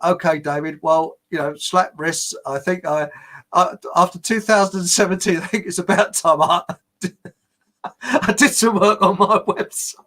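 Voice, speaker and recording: A man's voice: high-pitched, fairly even intonation, measured pace, a bit bright. Chuckling, rambling older British man. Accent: British English. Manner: chatty, chuckling often, rambling with restarts and fillers. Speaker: livestream host. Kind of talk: casual livestream chat, reading viewer comments.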